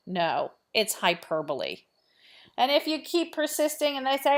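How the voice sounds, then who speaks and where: A woman's voice: medium pitch, sing-song, normal speed. A woman teacher explaining a play in a chatty lesson, posing rhetorical questions to her students. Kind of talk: recorded literature lesson.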